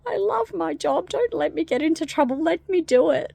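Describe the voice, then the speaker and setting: A woman's voice: animated, moderate pace, creaky, dark tone, no room sound, exaggerated voice. A woman voicing a fussy talking door from a movie, one that warns of doom and pleads to keep its job. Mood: pleading. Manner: high-pitched and pleading.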